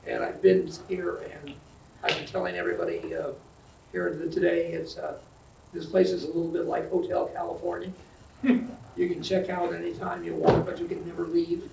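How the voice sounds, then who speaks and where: An older man and retiring county supervisor giving rambling, halting farewell remarks with many fillers at a board meeting. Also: on the high side, background noise. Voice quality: gravelly. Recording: roomy, distant meeting-hall mic.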